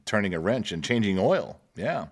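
A middle-aged man with a very low voice, speaking into a podcast microphone. He tells long work stories in a relaxed way, chuckles often, and acts out the people he quotes. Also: moderate pace. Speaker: guest. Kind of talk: casual storytelling.

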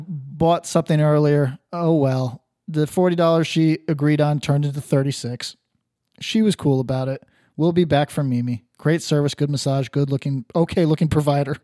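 A man with a slightly high, mellow voice, reading crude reviews aloud on a podcast and joking between lines. He laughs often and breaks into loud bursts. The sound is dry and close. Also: steady tone, moderate pace, no echo. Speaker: podcast co-host.

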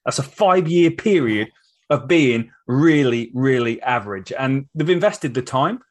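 A man's voice: mid-range voice, animated, a little slow. A man co-hosting a casual sports podcast. He is upbeat and opinionated, and rattles off statistics. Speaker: podcast co-host.

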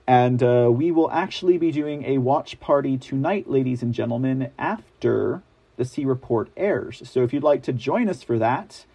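Talking to his audience as "guys," a news commentary host runs an online political show in a chatty style packed with fillers and sarcastic remarks as he reads articles. His mid-range voice is expressive, gravelly, husky and dark in tone, at a moderate pace.

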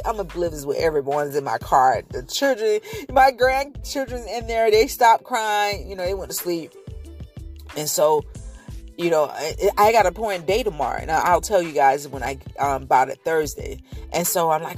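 A woman's voice: fairly low pitch, lively intonation, moderate pace, faint music behind. A woman in her fifties sharing a faith testimony in a casual vlog, earnest and emotional, often repeating herself.

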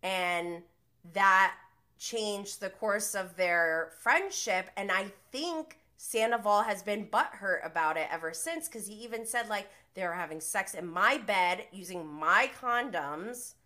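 A woman's voice: mid-range voice, a little slow, bright, forceful tone. A woman hosting a podcast, recapping reality TV in a gossipy, opinionated way and swearing freely. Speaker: podcast host.

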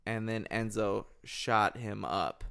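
A man's voice: on the low side, slow pace, vocal fry, a bit bright, smooth. A man co-hosting a podcast, talking bluntly and swearing freely. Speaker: podcast co-host. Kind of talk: casual chat.

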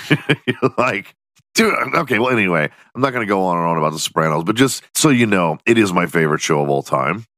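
A man's voice: low-pitched, animated, fast talker, fairly bright tone, no echo, clean studio sound. A man hosting a solo podcast, rambling and joking with lots of swearing. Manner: profane, rambling, jokey. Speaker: podcast host. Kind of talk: casual solo podcast rant.

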